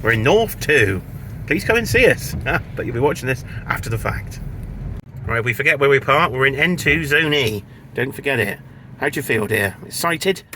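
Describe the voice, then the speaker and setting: A man's voice: medium pitch, very animated, normal speed. An English man hosting a casual road-trip vlog, giving chatty, wry running commentary from a car and then outdoors. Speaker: vlog host. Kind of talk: casual travel vlog narration. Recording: loud road and traffic noise.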